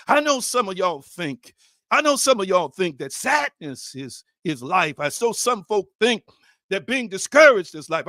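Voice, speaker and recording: High-voiced man preaching a sermon. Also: dry recording, studio quality. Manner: repetitive rhetorical questions, rising to shouts.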